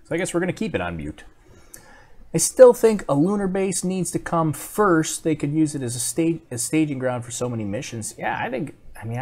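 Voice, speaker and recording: Speaking at a medium pitch, a live-stream host reads comments from viewers and chats in a loose, casual way. His talk wanders, full of filler words and false starts.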